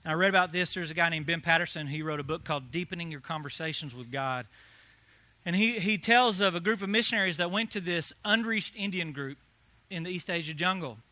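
Male pastor, high bright voice, lively sermon storyteller who drops quiet then builds loud. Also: brisk, dry recording. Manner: animated, swings from hushed to loud.

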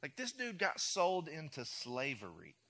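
A man's voice: fairly high pitch, huge pitch swings, measured pace, pushed and bright. A man preaching a sermon, retelling a story in a casual, conversational way with playful asides. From United States. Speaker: pastor.

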